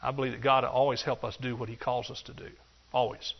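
A man preaching a sermon, animated and joking, acting out excuses in a higher voice. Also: fast. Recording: dull lo-fi sound.

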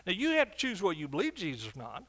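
A man preaching a sermon as pastor, swinging between loud declarations and quiet asides, often calling out for an amen. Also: high-pitched, wildly swooping pitch, racing.

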